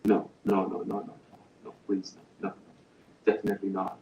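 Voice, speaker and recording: A man's voice: low voice, completely flat delivery, moderate pace, dark tone, slight background noise, lightly acted. An actor playing an ordinary man under interrogation who pleads and stammers to defend himself. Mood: pleading. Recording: roomy echo, distant mic.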